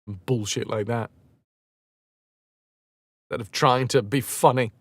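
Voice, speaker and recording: A man's voice: medium pitch, takes it slowly, dry recording. A man live-streaming a game, chatting casually with viewers in a rambling, self-mocking way and swearing freely.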